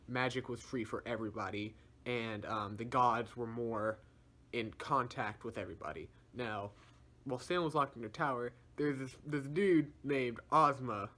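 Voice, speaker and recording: A man's voice: medium pitch, sharp tone. A young man reviewer giving a casual, slangy story recap, laughing often as he tells it. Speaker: video reviewer.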